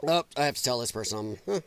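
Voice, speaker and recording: A man's voice: medium pitch, smooth. A man hosting a live political talk stream from home, rambling and sarcastic in a casual commentary style. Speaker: political livestream host.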